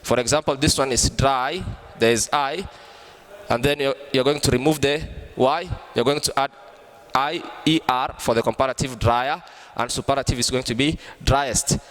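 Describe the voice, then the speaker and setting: A man teaching an online grammar lesson, explaining slowly and repeating himself. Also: mid-range voice, fairly even intonation, fairly bright tone, big-room sound. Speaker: English teacher.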